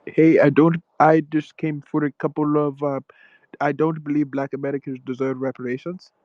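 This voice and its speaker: A man's voice: a little high, level tone, normal speed, dry recording, close to an everyday voice. A male caller doing a character with a put-on Indian accent, stubbornly repeating short phrases. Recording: dull dry phone line.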